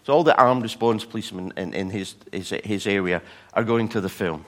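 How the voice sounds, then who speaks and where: A man's voice: lowish voice, a little fast. A man preaching a sermon, telling personal stories and acting out the people in them. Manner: storytelling, animated voices for quoted people. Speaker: pastor.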